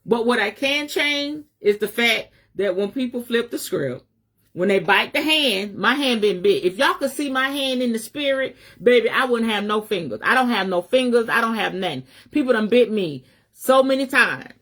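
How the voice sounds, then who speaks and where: A woman's voice: fairly high pitch, expressive, normal speed, a bit bright. A middle-aged woman, a spiritual advisor giving a fiery, emphatic live message with a preacher's cadence, speaking in African American Vernacular English and swearing freely.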